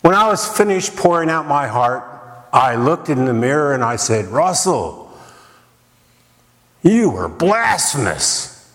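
A man's voice: a little high, very animated, slow pace, pauses often, a bit bright. A man preaching a sermon in a dramatic way, with rhetorical questions and repeated lines for emphasis. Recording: long reverb of a large hall.

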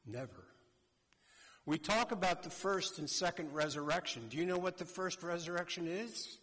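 A man preaching a sermon slowly and emphatically, addressing a congregation. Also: a little high, pushed and bright, breathy edge. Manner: slow, deliberate, emphatic preaching. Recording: long hall reverb.

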